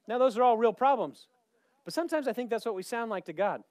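A man's voice: very high-pitched, lively intonation, fast talker, no echo, studio quality. A male pastor preaching a sermon, emphatic and repeating scripture lines with rising intensity. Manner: emphatic, repeats scripture, builds to loud calls.

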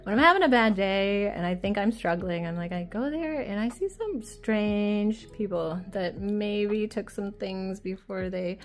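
A woman's voice: mid-range voice, animated, a little slow, few pauses, soft background music. A woman with a child chatting casually while flipping through an oracle deck, giggling often, wandering off-topic and teasing herself. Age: adult with a child. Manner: chatty, giggly, self-deprecating, easily sidetracked.

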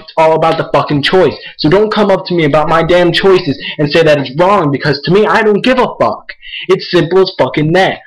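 A man's voice: a little high, rough recording. Profane ranting young man. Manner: profane, repetitive, agitated. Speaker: vlogger. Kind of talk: angry rant to camera.

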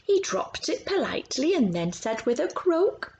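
Lively high-voiced woman reading a storybook. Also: moderate pace, few pauses, a little hiss or hum, poor audio. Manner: expressive, asks listeners questions about the pictures. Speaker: storytime reader. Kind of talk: reading a picture book aloud to children.

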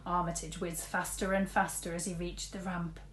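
A woman teacher reading a storybook aloud, lively, switching between big shouts and soft whispers for the characters. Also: fairly low pitch, moderate pace, reverberant, slight background noise.

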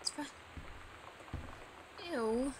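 A woman giving chatty, jumpy commentary while she plays a game, swinging from sleepy murmurs to sudden loud yelps. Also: drawn-out words. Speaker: let's player. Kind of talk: gaming commentary. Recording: gameplay with clear background noise.

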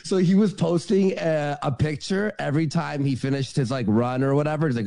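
A man co-hosting a casual talk show, telling a story in an excitable, laughing way. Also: on the high side, a little fast, vocal fry. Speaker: co-host. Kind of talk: casual chat.

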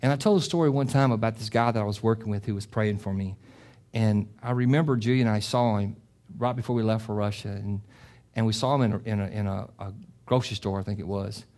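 A man's voice: on the low side, quick pace. Impassioned middle-aged male pastor preaching. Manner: impassioned, rising to loud emphatic peaks; repetitive, restarting phrases. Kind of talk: sermon with closing prayer.

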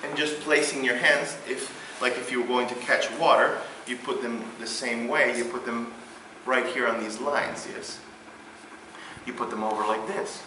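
A man with a Venezuelan Spanish accent, a native Spanish speaker, leading a vocal workshop, explaining in halting English full of fillers and breaking into sung syllables. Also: mid-range voice, steady tone. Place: large hall. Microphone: far room microphone. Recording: distant, very echoey hall with background noise.

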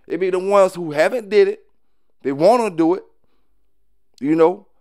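High-voiced man talking straight. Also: a little mellow, smooth, no echo, clean studio sound. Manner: loose, repetitive, often asks "you know what I'm saying"; blunt and preachy, with short laughs. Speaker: dog kennel owner. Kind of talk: casual to-camera talk.

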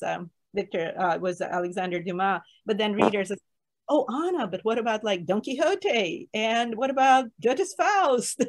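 Enthusiastic woman leading a book talk. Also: medium pitch. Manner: enthusiastic, rambling, laughs often. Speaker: literature course leader. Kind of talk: solo online book talk.

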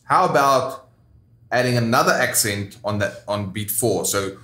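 A man teaching guitar in a roomy, echoing space, his voice sitting at an ordinary middle pitch. He explains each step plainly and counts the beats out loud as he goes. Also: lively intonation, unhurried, background noise. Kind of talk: instructional lesson.

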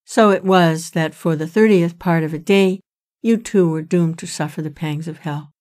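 God of justice, read by a woman, calm, fatherly, reassuring, storybook retelling. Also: lowish voice, normal speed, no room sound, studio quality, lightly acted.

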